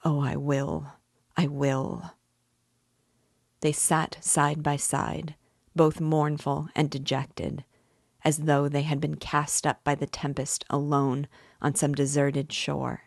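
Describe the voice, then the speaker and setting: A woman reading a classic novel aloud in a measured, steady narration. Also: low-pitched, gravelly, no room sound, clean studio sound. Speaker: audiobook reader and guide.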